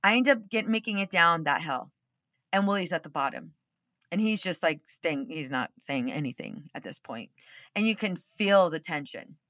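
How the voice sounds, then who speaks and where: A woman's voice: fairly low pitch, lively intonation, moderate pace, fairly bright tone, no room sound. A woman hosting a podcast, telling a personal story in a casual, candid way and swearing freely. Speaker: podcast host.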